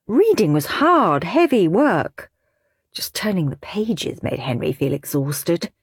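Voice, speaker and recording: A woman reading a children's storybook aloud with expressive narration. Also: on the low side, takes it slowly, husky, no echo, clean studio sound.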